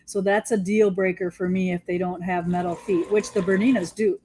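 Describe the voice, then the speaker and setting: A woman's voice: on the low side, steady tone, normal speed, warm tone, a little hiss or hum. A woman quilting teacher talking casually and enthusiastically while she demonstrates her sewing, joking about herself. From United States. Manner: chatty, enthusiastic, self-deprecating. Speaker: quilting teacher and shop owner.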